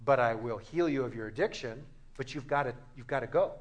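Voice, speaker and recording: A preacher doing a wry, patient Jesus. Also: male voice, medium pitch, fairly quick, dull audio, pitched below the performer's own voice, natural voice. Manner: casual, wry. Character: Jesus, patient and dryly amused, male.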